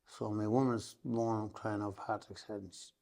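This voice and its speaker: His voice is fairly low, gravelly, and darkish, with a flat delivery at normal speed. A middle-aged Irish Traveller podcast guest, he rambles through a long, emotional story, swearing time and again that it's true.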